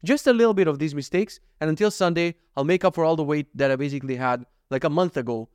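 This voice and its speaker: A young man hosts his own podcast in a rambling, profanity-laced confessional. He speaks rapidly in a slightly raised register and keeps turning criticism on himself. The recording is close and dry, with no room sound. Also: on the high side, darkish tone, smooth, dry recording. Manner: rambling and self-critical, heavy swearing. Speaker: podcast host. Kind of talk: candid confessional monologue.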